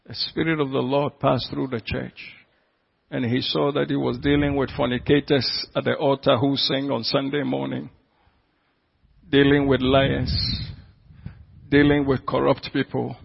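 Husky pastor preaching. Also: male voice, mid-range voice, highs cut off. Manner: emphatic preaching, repeated rhetorical questions to the congregation. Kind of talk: sermon.

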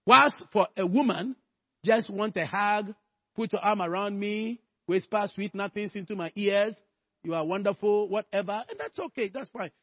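Husky high-voiced male preacher. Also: lively intonation, moderate pace, dry recording, muffled recording. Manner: rhetorical, calls for amens, storytelling. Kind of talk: sermon.

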